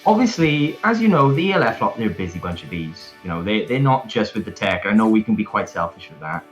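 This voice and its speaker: A man from South Wales, with a Welsh accent, casts an online fighting game tournament from indoors at home, playfully chatting and hyping up viewers in casual live stream commentary. His fairly low voice is sing-song and fast, on lo-fi sound with faint music behind.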